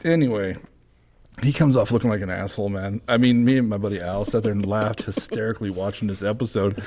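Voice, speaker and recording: A man's voice: fairly low pitch, steady tone, fast, darkish tone. Male podcast host, casual and profane, acts out the people in his stories. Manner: profane storyteller, acts out quotes. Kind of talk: casual chat.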